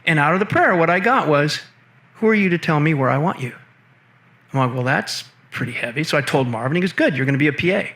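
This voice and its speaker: A man's voice: a little high, fast. A man telling stories from his career as a guest in an interview, acting out the voices of people he quotes. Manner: animated, acts out quoted voices. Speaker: guest, film producer and assistant director. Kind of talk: storytelling interview talk.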